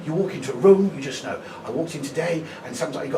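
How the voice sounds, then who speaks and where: A male stand-up comedian from Brighton, England, telling a chatty story and keeping checking in with the crowd with "right?". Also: mid-range voice, racing, few pauses. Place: small fringe comedy venue, indoors. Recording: echoey venue, distant, audience laughter. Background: audience laughing.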